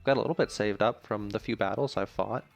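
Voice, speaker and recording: A man with a low, gravelly voice, casually talking through a video game playthrough. He speaks in a chatty, joking way while thinking aloud about his choices, and faint game music runs in the background. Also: quick pace, highs cut off. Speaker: gaming channel host. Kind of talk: let's play commentary.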